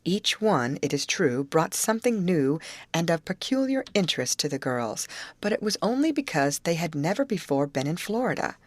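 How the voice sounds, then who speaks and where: A woman with a low voice reads an audiobook in measured, expressive narration. Her pitch moves in lively swings, and the read is dry and close to the mic. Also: no echo. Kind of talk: scripted narration.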